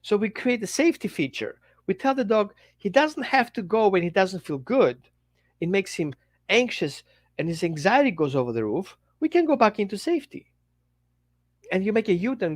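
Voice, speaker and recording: A man, a dog trainer, giving a casual teaching talk in an animated way, acting out little dialogues between owner and dog. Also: high-pitched, normal speed, no room sound, clean studio sound.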